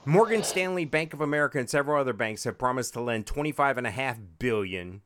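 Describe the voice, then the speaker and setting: A man's voice: medium pitch, lively intonation, quick pace, fairly bright tone, a little hiss or hum. A man co-hosting a casual podcast chat, joking and wry, rambling through restarts. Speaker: podcast co-host.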